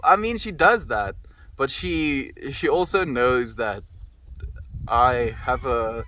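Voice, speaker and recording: A South African man in his twenties reads his stream chat, rambling casually in a laid-back way and tossing out "dude" and "my friend." His mid-range voice is sing-song and a bit bright, at a normal speed. The mic sits at a distance and picks up faint background noise.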